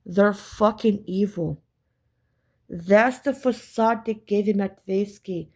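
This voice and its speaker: A woman's voice: mid-range voice, takes it slowly, a little mellow. A woman telling a story in a casual vlog, profane, emphatic and repetitive.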